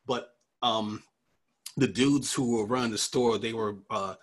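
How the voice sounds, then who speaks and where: A man's voice: fairly low pitch, measured pace, breathy edge. A man from New York hosting a casual political commentary podcast, joking and laughing often with rambling asides. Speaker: podcast host.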